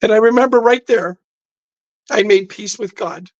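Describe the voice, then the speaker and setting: A man's voice: high voice, moderate pace, no echo, lo-fi sound. Guy telling a story real intense on a podcast, acts out all the lines, dead dry close mic. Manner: intense, vivid storytelling with quoted dialogue. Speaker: podcast guest. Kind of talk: storytelling in casual chat. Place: podcast studio.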